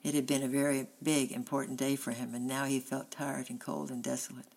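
A woman narrates a children's storybook in a steady, unhurried voice. Her pitch is strikingly low, and a gravelly creak runs under her words. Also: poor audio. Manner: steady, plain reading. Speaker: audiobook reader.

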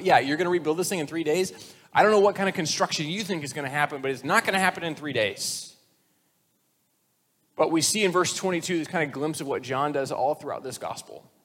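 A man's voice: mid-range voice, fairly bright tone, big-room sound. A man preaching a sermon in a casual, conversational way, acting out the voices he quotes and dropping almost to a whisper to stress a point. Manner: conversational, acts out quoted voices, drops to near-whisper for emphasis. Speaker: pastor.

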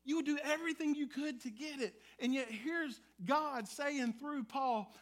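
High-voiced animated male pastor preaching. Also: measured pace, few pauses. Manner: animated, conversational preaching with playful asides to the congregation. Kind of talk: sermon. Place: church sanctuary.

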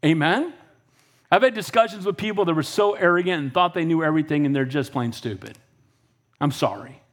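A male pastor delivers a lively sermon in a high, bright voice. He talks plainly and bluntly, mixing scripture with off-the-cuff asides and calls of "Amen?". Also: brisk. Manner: energetic and conversational, often asks "Amen?" and blunt asides.

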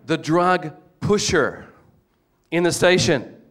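Older Australian man, slightly high voice, animated storytelling sermon with humor. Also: slow. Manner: animated storytelling with jokes, acts out quoted voices. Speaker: preacher.

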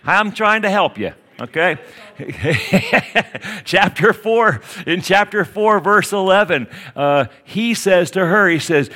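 A middle-aged pastor preaches a conversational sermon, teaching in a folksy, storytelling way. He often pauses to ask "see?" to check that his listeners are following. His voice is high, bright and forceful, and his delivery is animated.

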